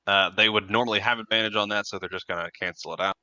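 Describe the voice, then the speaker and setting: A man running a tabletop game as game master, narrating with a halting delivery full of fillers. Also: fairly low pitch, fairly even intonation, bright, forceful tone, highs cut off, a little hiss or hum. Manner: hesitant, many filler words.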